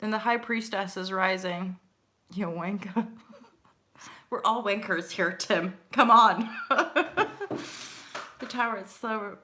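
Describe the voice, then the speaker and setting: Woman, young adult, live-stream host, rambling chatty talk, light swearing, bright clear voice. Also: mid-range voice, slight background noise. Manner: rambling, chatty, swears casually, laughs often. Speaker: host doing live intuitive tarot readings. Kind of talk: casual live-stream chat.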